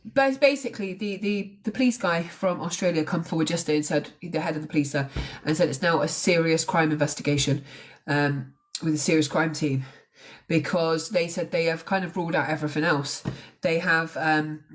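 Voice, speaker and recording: A woman's voice: sits low, fairly quick. A woman talking casually on a live stream about a crime case, chatty and blunt, with the odd swear. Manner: chatty, swears, mocks accents.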